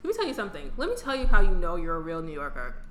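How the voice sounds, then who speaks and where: A woman from New York co-hosting a podcast, telling stories in a casual, profane, animated way. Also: lowish voice, very fast, reverberant, slight background noise. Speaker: podcast co-host. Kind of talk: casual chat.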